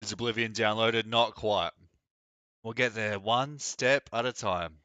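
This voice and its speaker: A man's voice: on the low side, unhurried, bright, forceful tone, clear, resonant tone, no echo, highs cut off. A young man chatting casually on a live gaming stream, blunt, opinionated and mocking. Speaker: game streamer.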